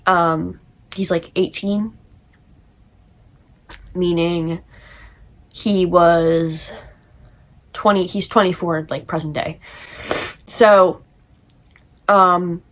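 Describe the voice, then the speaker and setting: Teen girl, student, casual book summary, lots of likes and fillers, slightly low voice. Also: fairly even intonation, very slow, long pauses, a bit bright. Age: teens. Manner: chatty, many likes and fillers, laughing.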